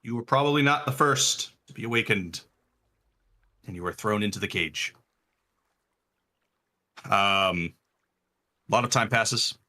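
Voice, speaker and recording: A man narrating as game master of a tabletop game, halting and full of fillers. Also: fairly low pitch, bright, forceful tone.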